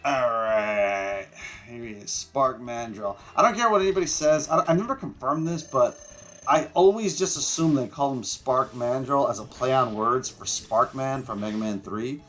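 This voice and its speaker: A man's voice: medium pitch, lively intonation, normal speed, fairly bright tone. A man giving rambling, casual commentary while playing a video game, with lots of fillers and some mild swearing. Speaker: gameplay streamer. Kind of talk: casual let's-play commentary.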